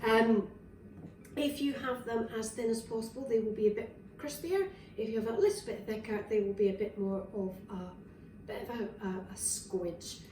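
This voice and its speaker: Her voice is on the high side, steady and a little mellow, at a moderate pace, with a little hiss or hum. This Scottish wellness vlogger chattily rambles through a cooking demonstration in her kitchen, full of fillers and restarts, recorded roomy and distant with kitchenware clinking.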